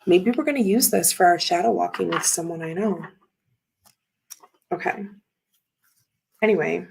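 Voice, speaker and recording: A woman in her thirties chats loosely as she shows tarot cards to her viewers, rambling and filling gaps with ums and likes. Her voice sits fairly low with a gravelly fry. It sounds husky and a bit breathy. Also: moderate pace, a little mellow, low-quality recording. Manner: chatty and rambling, with many fillers and laughs. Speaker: tarot reader and livestream host. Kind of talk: casual chat while showing tarot cards.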